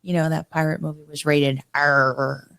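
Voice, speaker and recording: Podcast co-host, female, lowish voice, upbeat and chatty. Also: steady tone, creaky, fairly bright tone. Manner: upbeat, quick interjections, reads chat aloud. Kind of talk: casual chat.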